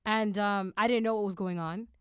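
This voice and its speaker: A woman podcast host with a smooth, resonant voice at an ordinary pitch, talking in an animated, emotional way. Her recall rambles and restarts. The recording is dry and close. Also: normal speed, no echo. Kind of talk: conversational interview.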